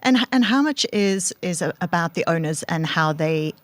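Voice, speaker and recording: A measured woman with a fairly low voice hosts a pet-care podcast as a veterinarian. She asks her guest questions attentively and reads her show's introduction calmly. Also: dry recording. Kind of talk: interview questions and scripted intro.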